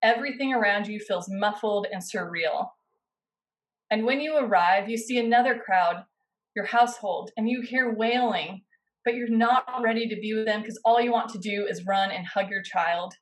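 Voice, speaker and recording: A woman pastor preaching a sermon, guiding her listeners through a scene in the second person with slow, dramatic pauses. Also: mid-range voice, low-quality recording. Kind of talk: sermon with guided imaginative narration.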